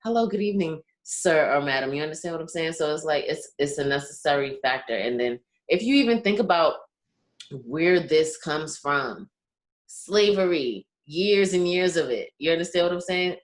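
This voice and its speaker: A woman's voice: deep voice, normal speed. A young Caribbean-born woman co-hosting a casual podcast, making her point earnestly and often checking that she is understood. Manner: earnest, keeps asking "you understand what I'm saying?". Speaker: podcast co-host.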